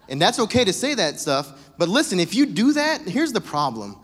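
A male pastor delivers a sermon in a casual, joking way, full of animated storytelling. His voice sits somewhat high for a man. The sound carries the long reverb of a large church hall. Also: fast talker, few pauses, husky.

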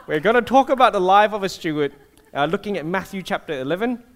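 A man's voice: sits high, lively intonation, quick pace. A man, preaching a casual sermon that tells stories and asks the audience questions. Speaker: pastor. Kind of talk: conversational sermon.

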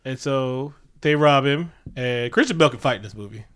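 A man's voice: medium pitch, a little fast, a bit bright, smooth. A man casually recapping a movie with a co-host, laughing often and acting out quotes. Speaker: podcast co-host.

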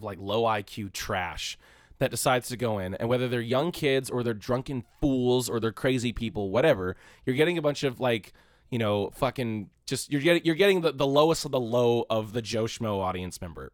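A man from California co-hosting a casual movie podcast, rambling and swearing, loudly acting out the people he quotes. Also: mid-range voice, no room sound, studio quality. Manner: profane, rambling, shouts when quoting people. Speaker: podcast co-host.

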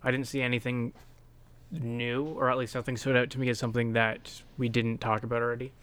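A man's voice: mid-range voice, little pitch movement, fairly quick, a bit bright, clear, resonant tone. A man co-hosting a podcast in casual chat, joking and chuckling at his own bits. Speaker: podcast co-host.

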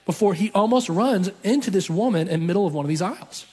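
A man's voice: high-pitched, expressive, fast, a little mellow, husky. A man telling a story in a sermon, acting out the voices of the people in it. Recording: long reverb from a large hall.

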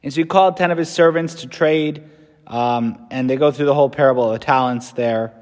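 A man's voice: medium pitch, brisk. An American man, a Catholic priest, giving a conversational homily with fillers and restarts. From United States. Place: church. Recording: long reverb from a church.

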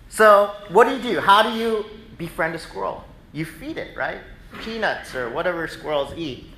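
A man preaching a sermon in a relaxed, conversational way, telling animated stories to the congregation. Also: sits high, moderate pace, roomy sound, rough recording. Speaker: pastor. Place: church sanctuary.

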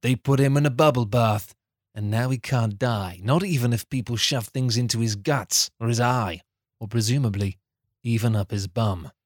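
A man recapping a story with dry, deadpan comic timing. His voice is mid-pitched and recorded close with no room sound. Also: normal speed, no echo. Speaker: podcast co-host. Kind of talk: deadpan comic plot summary.

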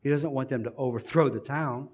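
A man's voice: medium pitch, brisk, darkish tone, slightly rough. Earnest male preacher delivering a sermon.

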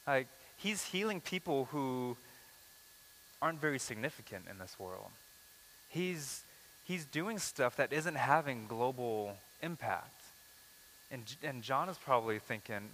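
A man preaching a conversational sermon, acting out quoted lines and shifting between quick and slow phrases. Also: mid-range voice, lively intonation, a bit bright, a little hiss or hum. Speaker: pastor. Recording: reverberant hall.

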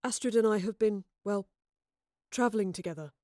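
A woman's voice: medium pitch, moderate pace, warm tone, no room sound, natural voice. A shy young Roman man who stammers and stops to find his words, voiced by a woman. The storybook reading is close and dry, with no room around it. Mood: nervous. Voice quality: stammering, hesitant.

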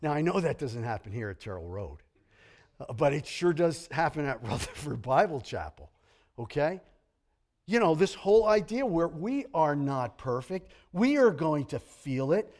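Animated male preacher, high lively voice. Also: normal speed. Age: middle-aged. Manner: animated, grumbling impressions, jokey asides. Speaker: pastor. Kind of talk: sermon.

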